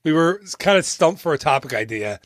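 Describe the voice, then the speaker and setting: A man hosts a casual podcast, chatting easily and tossing in quick jokes. His voice sits a little high for a man, and the sound is dry and close to the mic. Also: animated, a bit bright, dry recording. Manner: joking, chatty, quick asides. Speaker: podcast host. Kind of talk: casual chat.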